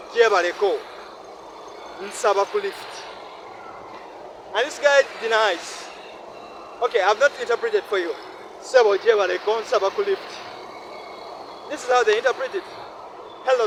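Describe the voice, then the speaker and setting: Earnest Ugandan man, higher voice, street noise. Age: 20s. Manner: earnest, repetitive, asks listener "no?". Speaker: vlogger. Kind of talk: casual vlog monologue. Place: outdoors by a city road.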